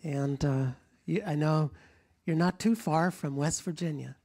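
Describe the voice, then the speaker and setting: A middle-aged man from rural Kentucky, his accent trained out into General American, tells stories to a live audience in a lecture room. His voice is a little high and a little slow, and he rambles warmly, restarts often, chuckles and moves around as he speaks.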